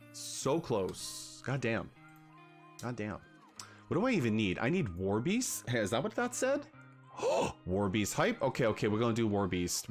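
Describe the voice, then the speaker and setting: A man hosting a casual livestream, chatting with his viewers. His talk is animated, jumping between greetings and rants. Faint music plays underneath. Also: mid-range voice. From Canada. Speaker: livestream host.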